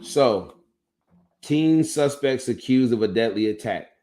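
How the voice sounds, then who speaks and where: A man's voice: medium pitch, expressive, slow pace, mellow. A man hosting a casual livestream, commenting loosely and restarting his sentences as he goes. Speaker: livestream host and coach.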